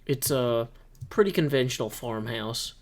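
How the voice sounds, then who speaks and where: A man's voice: medium pitch, a little slow. Rambling, joking man narrating gameplay. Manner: rambling, self-deprecating, lots of fillers and jokes; excited, upbeat office tour. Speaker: host. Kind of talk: casual Minecraft gameplay commentary.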